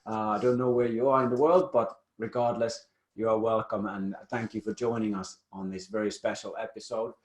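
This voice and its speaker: A man's voice: fairly low pitch, little pitch movement, brisk, few pauses. Chatty podcast host man, echoey room. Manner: chatty, jovial, lots of restarts. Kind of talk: casual interview chat.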